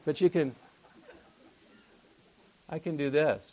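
A man's voice: mid-range voice, normal speed. A man preaching a conversational sermon, full of jokey asides and rhetorical questions to the congregation.

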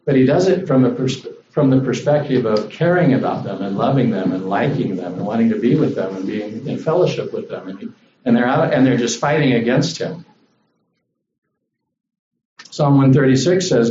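A man's voice: mid-range voice, moderate pace, recorded from a distance, lo-fi sound, slight background noise. Man preaching casually in a roomy hall. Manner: conversational, animated when voicing God. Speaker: guest preacher. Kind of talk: sermon.

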